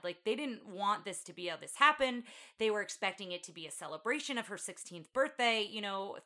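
Woman, podcast co-host, bright tone, casual recap, acts out quotes. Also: mid-range voice. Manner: animated storyteller, acts out quotes. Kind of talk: casual film recap chat.

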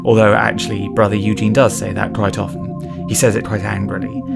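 A man hosting a comedy podcast, reading a scripted monologue in a solemn, mock-ceremonial deadpan. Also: fairly low pitch, creaky. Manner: solemn mock-ceremonial delivery, slow chanting of a creed. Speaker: podcast host. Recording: loud guitar music behind.

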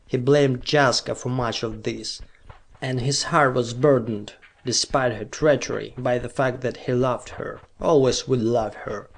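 A man narrating an old pulp science-fiction story in a measured, steady reading. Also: mid-range voice, gravelly. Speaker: audiobook narrator.

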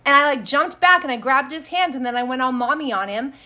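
A woman in her thirties co-hosts a relaxed podcast conversation. Her voice sits a little high, and she tells stories with energy. She often slips into acted-out dialogue as she talks. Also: brisk. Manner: animated storyteller, acts out quotes. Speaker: podcast co-host. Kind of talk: casual chat.

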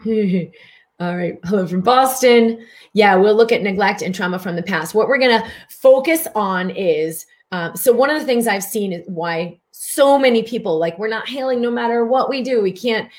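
A woman's voice: mid-range voice, normal speed, darkish tone. A middle-aged woman physician hosting a live stream, chatty, greeting viewers by name as she guides a wellness session.

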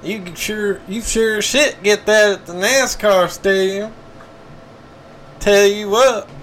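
A man doing a loud, folksy Southern good ol' boy with a Southern drawl, pitched high and pushed hard. He gripes brashly. There is faint noise behind him. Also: fairly even intonation, slow pace. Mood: griping. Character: loud Southern redneck man, NASCAR fan.

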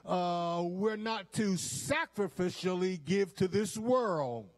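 Slow, emphatic high-voiced preacher man. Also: lively intonation. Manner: emphatic, repeats lines and asks the congregation to stay with him. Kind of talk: sermon. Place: church.

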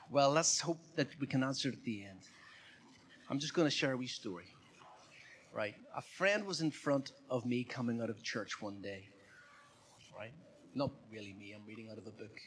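A man's voice: medium pitch, expressive, a little fast, fairly bright tone, a little hiss or hum. Man preaching a sermon. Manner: conversational, asks the congregation questions. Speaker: pastor. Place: church.

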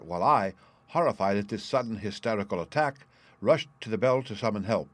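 A man narrating a classic story in the first person, reading in a measured, formal way. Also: fairly low pitch, animated, no echo. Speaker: audiobook narrator.

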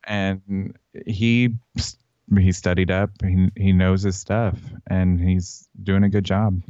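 A man's voice: deep voice, flat delivery, slow pace, warm tone, dry recording. Chatty man, dull dry recording. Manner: chatty, reads out descriptions, laughs easily. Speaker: podcast co-host. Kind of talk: casual fan podcast chat.

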